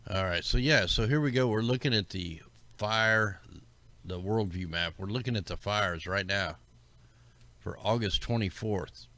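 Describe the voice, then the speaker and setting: A man's voice: lowish voice, unhurried, sharp tone, dry recording. A man hosting a livestream, rambling casually and conspiratorially as he talks through maps and greets his viewers. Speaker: livestream host. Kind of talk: casual commentary over maps.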